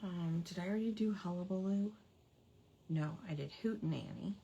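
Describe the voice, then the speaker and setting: A woman's voice: on the low side, normal speed, creaky, mellow, lo-fi sound, slight background noise. A woman hosting a casual craft hangout, chatty and playful, savoring quirky old words with giggles. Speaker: craft livestream host.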